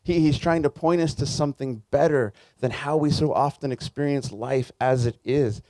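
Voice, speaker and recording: A man's voice: medium pitch, moderate pace, darkish tone, dry recording. A man preaching a sermon as a pastor, in a conversational, earnest way, with frequent restarts.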